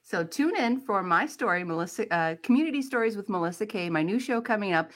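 A woman's voice: medium pitch, expressive, fairly quick, fairly bright tone. Upbeat woman in her forties on radio. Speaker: radio show guest and co-worker. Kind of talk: casual radio chat.

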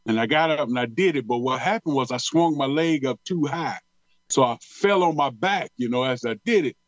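In a casual interview, a middle-aged retired football pro from Detroit tells animated stories, drawling and repeating words in slangy speech. His voice sits in the mid-range and moves at a normal speed. The audio is lo-fi with no echo.

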